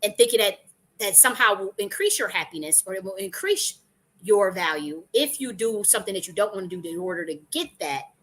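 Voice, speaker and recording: A woman's voice: medium pitch, fairly bright tone. A woman hosting a live-streamed spiritual talk, speaking casually and animatedly, swearing freely and acting out quoted voices. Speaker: host.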